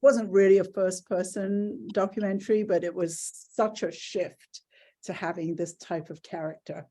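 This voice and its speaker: A woman from England hosts a video-call interview in a low, mellow voice. She is middle-aged and chatty, telling her stories with animation and acting out the quotes inside them. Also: steady tone, unhurried. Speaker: interview host. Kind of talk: casual conversational interview.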